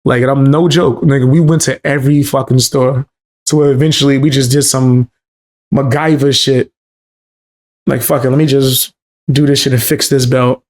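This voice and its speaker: A man's voice: medium pitch, flat delivery, normal speed, a little mellow. A man from the Bronx with a New York accent, telling loose, profane stories in casual chat on a live stream. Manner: loose, profane storytelling with street slang.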